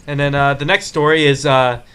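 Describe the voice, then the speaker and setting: A man presenting news stories on a casual talk show, with a halting, hesitant delivery. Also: medium pitch, steady tone, a bit bright, clean tone. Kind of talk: casual podcast chat.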